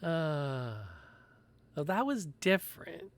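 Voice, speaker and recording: A man's voice: fairly high pitch, sing-song, takes it slowly, no room sound. A man running a tabletop game as game master, wry and offhand. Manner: wry, refers to himself in third person.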